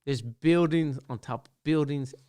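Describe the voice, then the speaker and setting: A man's voice: fairly high pitch, a little slow, dark tone. A man in casual podcast chat, laid-back and slangy, often saying "you know what I'm saying".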